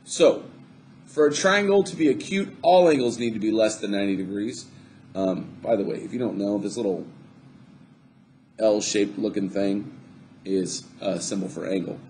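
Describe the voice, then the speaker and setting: In a recorded math lesson, a man teaches in an upbeat, chatty way, joking to himself as he draws on screen. His voice is lowish and darkish at a moderate pace, with a little hiss or hum.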